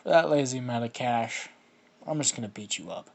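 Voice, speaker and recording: A man doing a loud, taunting teenage bully. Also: mid-range voice, animated, fairly quick, vocal fry. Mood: scornful. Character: loud bullying teenage boy, greedy and mean.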